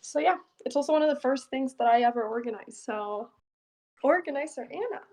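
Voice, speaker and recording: A young woman with a high, bright voice talks casually with her stream viewers. She is chatty and laughs often between her words. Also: animated, fairly quick, rough recording. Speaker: chess streamer. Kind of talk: casual live-stream chat.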